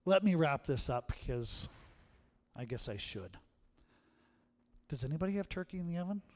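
A middle-aged man preaching a sermon as pastor, swinging from hushed tones to loud, emphatic calls. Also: fairly high pitch, expressive, moderate pace. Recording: long hall reverb.

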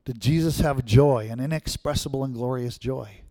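A man's voice: mid-range voice, moderate pace, warm tone, dry recording, studio quality. A man preaching a sermon, telling a story and asking the congregation repeated rhetorical questions.

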